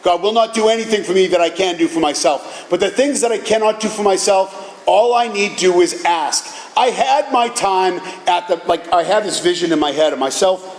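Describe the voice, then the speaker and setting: A middle-aged man giving an animated personal talk at a recovery meeting, telling stories with casual profanity. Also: high-pitched, normal speed. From Boston area, USA. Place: meeting hall. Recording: echoey hall with faint ambience.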